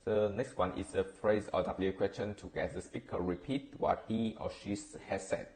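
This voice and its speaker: Low-voiced man reading a class presentation. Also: steady tone, a little mellow. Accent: Vietnamese. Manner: halting, with frequent fillers and self-corrections. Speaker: student presenter.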